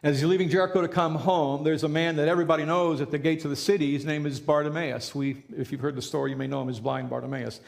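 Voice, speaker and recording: A man preaching a sermon as a pastor, talking in a relaxed conversational way and repeating key phrases for emphasis. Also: on the high side, quick pace, vocal fry, hardly any pauses.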